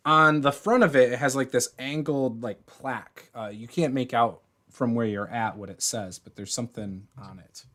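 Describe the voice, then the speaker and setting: A man's voice: medium pitch, normal speed, hardly any pauses, a bit bright. A man narrating as game master in a casual way, with many fillers. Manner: casual, filler-heavy description.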